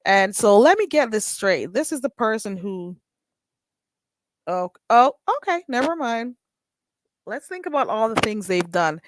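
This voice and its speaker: A woman hosting a live stream, chatting in an animated, gossipy way with callers. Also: measured pace, long pauses, dry recording, clean studio sound. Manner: animated, gossipy, mimics others in a high voice. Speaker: livestream host. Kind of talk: casual live-stream chat.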